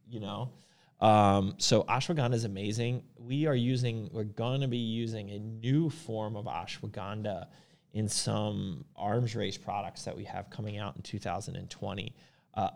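Laid back guy on a podcast, lowish voice, rambling with lots of ums. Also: gravelly. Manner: relaxed, rambling with fillers and restarts. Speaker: podcast host. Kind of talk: casual supplement podcast chat.

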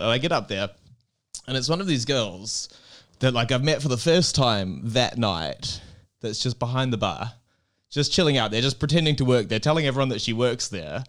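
A man co-hosting a casual chat show, telling a story in a relaxed, rambling way with plenty of fillers. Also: mid-range voice, normal speed. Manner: easygoing, rambling anecdotes with many fillers. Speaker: comedy club co-owner and podcast co-host. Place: comedy club in Barcelona.

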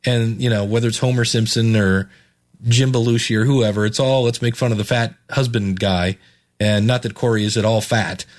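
Rambling, chuckling male podcast host. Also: medium pitch. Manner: rambling, many restarts and chuckles. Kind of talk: casual chat.

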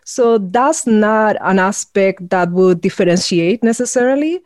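Female guest on a talk show, dry close recording, relaxed and explanatory. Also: mid-range voice, a little slow, no echo. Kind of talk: casual interview chat.

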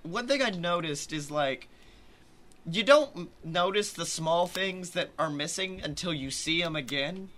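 A man with a head cold talks through casual podcast banter, loud and swearing freely. His voice sits high and sounds bright and sharp. A faint background hum sits under the recording. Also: expressive, a little slow. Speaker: podcast co-host.

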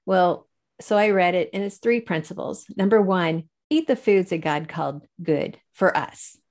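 A woman's voice: on the low side, a little slow, darkish tone. A woman guest in a faith-based interview, telling her story with animation, laughing often and acting out the people she quotes.

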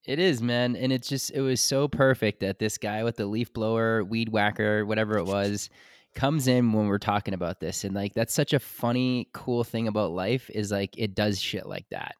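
Podcast host, male, low voice, dry close sound, candid and loose, swears freely. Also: normal speed, dry recording. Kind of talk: casual conversation.

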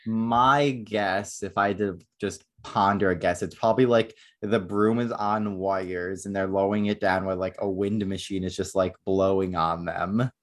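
A man's voice: low voice, fairly even intonation, measured pace, hardly any pauses. A man hosting a podcast, talking casually about a film and rambling with many filler words. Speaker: podcast host. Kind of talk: casual chat.

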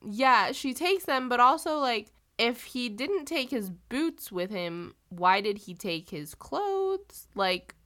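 Bright young woman rambling with "like". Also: a little high, big pitch swings, slow pace, hardly any pauses. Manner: rambling, says "like" a lot, playfully imitates characters. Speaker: podcast co-host. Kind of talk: casual chat recapping a TV episode.

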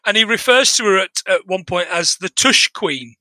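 A man in his thirties co-hosts a podcast in a high, expressive, bright voice with a forceful tone, at a moderate pace and with no echo. Chatting casually about a film in a comedic review, he rambles, swears, sounds exasperated, and restarts often.

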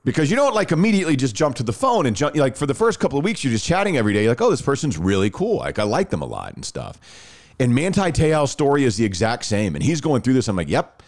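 A man's voice: medium pitch, fast. A man in his thirties casually telling a personal story on a podcast, acting out the dialogue. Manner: animated, acts out quoted dialogue.

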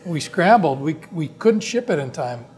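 A man, a company co-founder, tells a long business story in a relaxed conversation, often restarting his sentences. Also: a little high, moderate pace, soft background music. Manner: long rambling anecdotes with frequent restarts.

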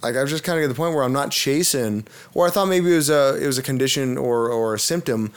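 A man's voice: mid-range voice, quick pace, clean tone. A man co-hosting a casual podcast, laid-back and rambling. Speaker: podcast co-host.

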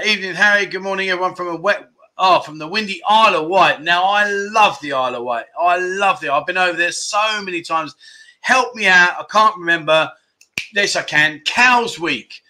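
A man's voice: sits high, moderate pace, pushed and bright. A man hosting a casual livestream, chatting and greeting viewers by name as he reads out their comments. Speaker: livestream host. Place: in Pattaya, Thailand.

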